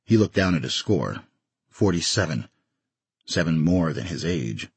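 A man's voice: deep voice, big pitch swings, unhurried, long pauses, breathy edge, no room sound. A man narrating an audiobook story expressively, in a dry studio recording. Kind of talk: scripted narration.

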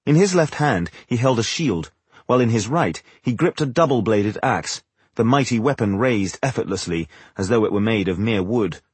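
A man reading fantasy narration for an audiobook in a measured, dramatic way. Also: lowish voice, lively intonation, breathy edge, dry recording.

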